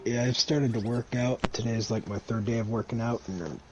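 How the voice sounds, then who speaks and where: A tired man chatting casually about his tabletop character, low-key and trailing off. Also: fairly even intonation, brisk. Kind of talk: casual chat planning a tabletop game. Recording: dull lo-fi mic with faint hiss.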